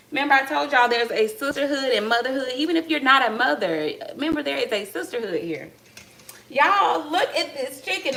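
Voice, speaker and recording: A woman with a bright, sharp voice pitched a little high talks her viewers through a live cooking stream in her home kitchen. She keeps calling out to the audience in a chatty, easygoing way, and pans and dishes clatter faintly behind her. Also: a little hiss or hum, poor audio. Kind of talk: casual live cooking chat. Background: clatter of pots and dishes.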